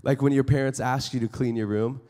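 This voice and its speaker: Lively man preaching in an echoing chapel. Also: mid-range voice, brisk. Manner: conversational, acts out everyday scenes in quoted voices. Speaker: chapel speaker. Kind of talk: school chapel sermon to students. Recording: long hall reverb in a chapel.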